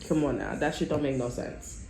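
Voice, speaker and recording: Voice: mid-range voice, normal speed, gravelly, music in the background. A tarot reader giving a casual, rambling reading full of cursing and asides. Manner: profane, rambling, animated. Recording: roomy echo, faint background noise.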